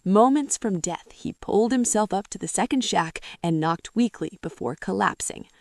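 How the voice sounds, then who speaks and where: Lively woman telling jokes. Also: medium pitch, normal speed, no echo, clean studio sound. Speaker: joke teller. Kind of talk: scripted joke narration.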